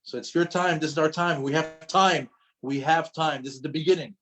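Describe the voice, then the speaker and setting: A man teaching a religious class, speaking in an emphatic, lively way and often repeating his phrases for emphasis. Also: fairly high pitch, moderate pace, faint music behind, low-quality recording. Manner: storytelling with acted quotes. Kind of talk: lecture to an audience.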